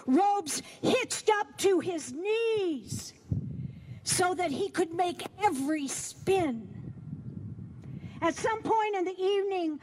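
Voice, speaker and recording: A woman minister reciting a poem in a high voice. She reads slowly and earnestly, in a measured cadence. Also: lively intonation, a little mellow. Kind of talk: reading a poem at a service.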